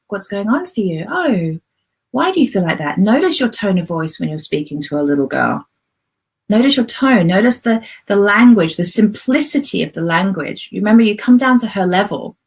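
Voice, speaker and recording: A woman teaching a self-love lesson in a soft, husky voice. She talks gently and conversationally, coaching her listeners directly. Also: mid-range voice. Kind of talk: spoken self-help lesson.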